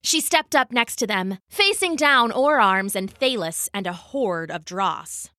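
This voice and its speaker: Expressive woman narrating a children's story. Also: medium pitch, unhurried, no echo, studio quality.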